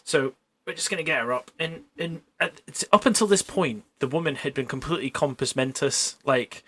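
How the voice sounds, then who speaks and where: A man with a bright, fairly high voice tells work stories in relaxed chat. He is animated and quick to laugh, and he swears freely. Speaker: paramedic guest. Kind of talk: casual storytelling chat.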